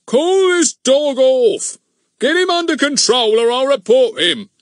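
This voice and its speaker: A man's voice: fairly low pitch, lively intonation, unhurried, sharp tone, slightly rough, no echo, studio quality, full character voice. A man voicing a blustering, pompous middle-aged village policeman who stammers when flustered, in an audiobook. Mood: angry.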